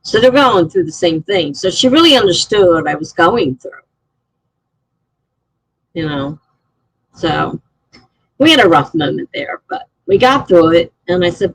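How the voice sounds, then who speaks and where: A woman's voice: mid-range voice, big pitch swings, normal speed, creaky, husky, no room sound, rough recording. A middle-aged woman live streaming, telling a story in a rambling, chatty way with lots of fillers. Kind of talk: casual chat.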